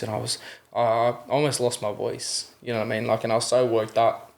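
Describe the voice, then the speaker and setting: Gravelly young Australian man, earnest storyteller. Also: medium pitch, flat delivery, brisk, hardly any pauses. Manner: earnest, keeps adding "you know what I mean"; acts out the voices in his retellings. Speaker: podcast guest. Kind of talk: candid interview storytelling.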